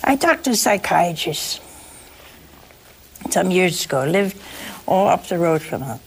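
A woman's voice: on the low side, big pitch swings, a little hiss or hum. A woman giving a folksy, sermon-like talk to listeners, leaning hard on key words. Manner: folksy, emphatic, slow stresses on key words.

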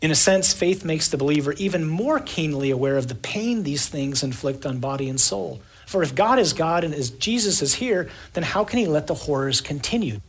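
A man's voice: on the high side, expressive, moderate pace, few pauses, husky. A man preaching an evening sermon, building emphatic lists and acting out the scene he describes.

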